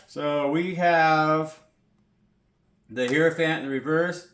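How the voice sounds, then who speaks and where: A man's voice: a little high, fairly even intonation, slow pace, fairly bright tone. Rambling, profane man reading tarot. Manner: rambling, profane, full of "you know" fillers. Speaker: tarot reader. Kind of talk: casual tarot reading to camera. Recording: echoey room with faint noise.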